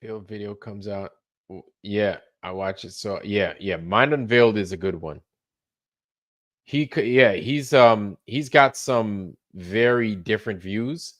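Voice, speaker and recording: A man's voice: fairly low pitch, measured pace. A man hosting a late-night livestream, rambling loosely, swearing freely and repeating himself as he trails off. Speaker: livestream host.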